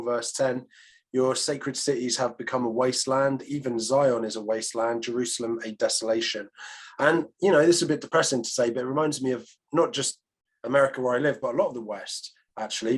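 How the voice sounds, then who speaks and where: A British man co-hosting a casual Bible podcast, speaking in an earnest, reflective way with frequent fillers. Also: medium pitch. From Britain. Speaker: podcast co-host. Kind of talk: casual chat about the Bible.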